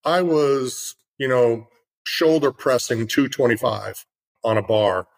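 A man's voice: medium pitch, takes it slowly, gravelly, low-quality recording. A middle-aged man in casual conversation, telling an earnest story with lots of fillers.

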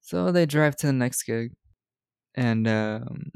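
A man's voice: medium pitch, animated, slow pace, gravelly, a little mellow, clear, resonant tone, no echo. A man co-hosting a podcast, chatting casually and retelling movie scenes with lots of laughter. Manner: laughs often, retells scenes with quoted lines. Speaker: podcast co-host recapping a movie. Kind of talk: casual chat.

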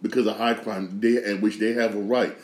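With a flat, fairly quick delivery in a lowish and slightly mellow voice, a podcast host weighs in emphatically on sports and news. He repeats phrases and restarts sentences, and the recording has an echoey room sound.

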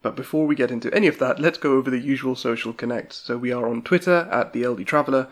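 A man hosting a podcast, briskly running through the usual intro. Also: mid-range voice. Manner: brisk, reads out routine links. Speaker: podcast host.

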